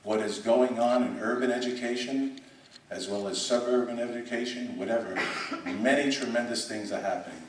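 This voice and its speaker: A man's voice: mid-range voice, normal speed, a little hiss or hum. A middle-aged man, a school superintendent, giving an emphatic symposium speech, full of fillers and repeated words. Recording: echoey hall, distant mic.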